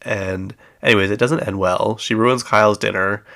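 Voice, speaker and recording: Gossipy podcast guy, kinda low and gravelly, lots of "like" and "um", acts out what people said. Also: fairly even intonation, normal speed, fairly bright tone. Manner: chatty, acts out quoted lines, frequent fillers. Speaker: podcast host. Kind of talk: casual gossip recap.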